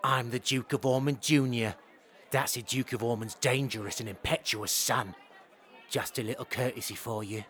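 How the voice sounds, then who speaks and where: A man's voice: medium pitch, moderate pace, a faint crowd, natural voice. A man playing a coolly menacing young nobleman. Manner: calm, clipped, politely threatening.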